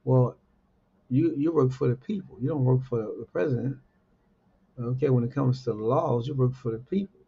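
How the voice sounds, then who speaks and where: A man giving informal political commentary, repeating rhetorical questions with many fillers, in a husky, gravelly voice. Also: mid-range voice, normal speed, highs cut off. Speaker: host.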